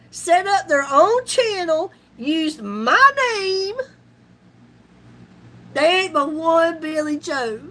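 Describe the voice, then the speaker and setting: A middle-aged woman, chatting on a live stream with folksy slang and frequent laughter. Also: very high-pitched. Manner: laughs often, folksy and loud, down-home slang. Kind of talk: casual live-stream chat.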